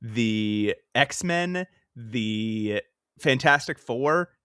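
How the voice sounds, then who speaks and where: A man co-hosts a comics podcast in loose, jokey chat, quick to laugh and happy to swear as he cuts in with quips. His voice sits at an ordinary middle pitch. It is recorded dry and close. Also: animated, bright, forceful tone, clear, resonant tone, no echo. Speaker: podcast co-host. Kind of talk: casual chat.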